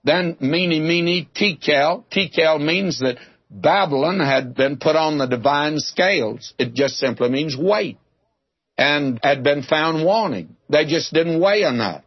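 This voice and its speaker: This expository sermon comes from a man whose fairly high voice is slightly rough and animated, and he takes it slowly. Teaching through scripture, he speaks in a folksy, conversational way, tells homely jokes, and calls people "my friend." The dull lo-fi recording has no echo.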